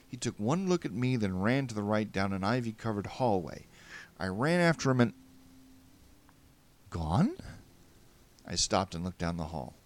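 Deep-voiced man narrating with wry animation. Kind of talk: first-person story narration.

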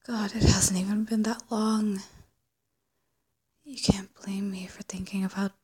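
A woman voicing a wistful, teasing ex-lover in a whispered role-play, speaking in a hushed, breathy voice with hesitant restarts. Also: mid-range voice. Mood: regretful, longing.

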